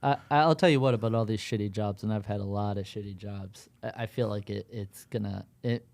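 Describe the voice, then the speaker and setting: A man co-hosting a podcast, speaking earnestly with swearing and dark jokes. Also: on the low side, brisk, gravelly. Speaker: podcast co-host. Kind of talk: casual chat.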